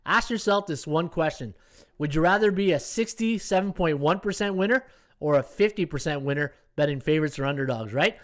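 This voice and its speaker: A man in his fifties hosts a sports betting live stream with a fairly high voice for a man. He talks in a loose, chatty way and keeps checking in with his listeners. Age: 50s. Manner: chatty, tags lines with "right?". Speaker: sports betting podcast host. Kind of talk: casual live-stream commentary.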